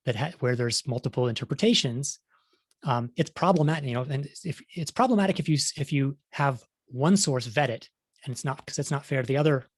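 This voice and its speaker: This is a conference talk by a middle-aged male science journalist who speaks conversationally, with frequent restarts and quotes he acts out. His pitch is medium and husky, and the clean studio recording has no echo.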